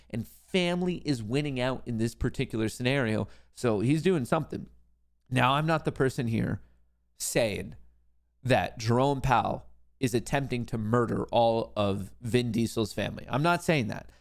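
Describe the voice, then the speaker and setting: A man's voice: medium pitch, normal speed, gravelly. A man hosting a stock market show, joking and playful as he comments over news clips. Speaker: show host.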